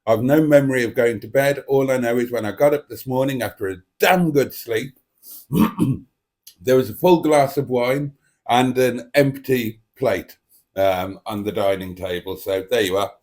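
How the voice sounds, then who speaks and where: A man hosts a live stream from his dining table at home, speaking into a desk microphone at a middling pitch. He rambles along, mocking himself with theatrical flourishes as he chats to his viewers. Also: measured pace, darkish tone. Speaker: livestream host. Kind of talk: casual live stream chat.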